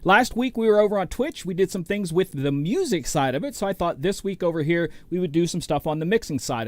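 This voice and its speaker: A man's voice: high voice, a little mellow, dry recording. A middle-aged man hosting a DJ livestream, chatting casually and rambling as he greets viewers by name. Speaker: DJ and show host.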